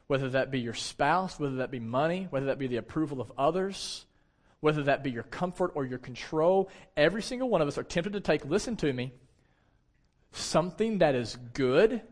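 A pastor in his thirties preaching a sermon, speaking directly and conversationally to his congregation. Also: mid-range voice. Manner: animated storytelling, shouts when acting out anecdotes.

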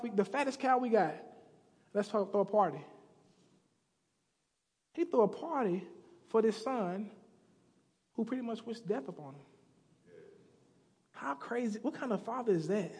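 A man's very high, breathy-edged voice rings through a big church sanctuary as he preaches. His sermon unfolds through stories, and he casually voices the characters in slang.

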